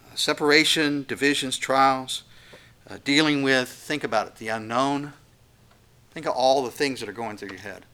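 Earnest, bright-voiced preaching man. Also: medium pitch, steady tone, moderate pace, clear, resonant tone. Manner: earnest, emphatic, acts out quoted voices. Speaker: pastor. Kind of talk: expository sermon.

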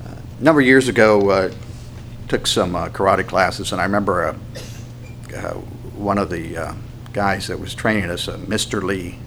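Low-ish guy preaching, chatty storytelling sermon, lots of uhs. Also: moderate pace, fairly bright tone, a little hiss or hum. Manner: conversational storytelling with many fillers. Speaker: pastor.

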